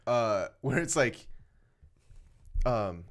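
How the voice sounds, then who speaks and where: A young man who is a guest on a casual podcast, telling stories in an animated, giggly way. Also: medium pitch, drawn-out words. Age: young adult. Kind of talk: casual chat.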